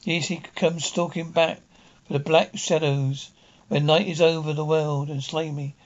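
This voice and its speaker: A man's voice: little pitch movement, measured pace, muffled recording, natural voice. A man voicing an insane, murderous male innkeeper who roars and gloats. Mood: raving. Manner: roaring, booming mad laughter.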